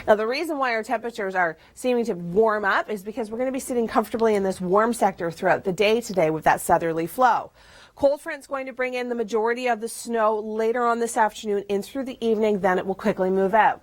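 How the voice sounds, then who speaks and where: A woman presenting the TV weather forecast in an upbeat, chatty way, leaning on key words. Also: medium pitch. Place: TV studio.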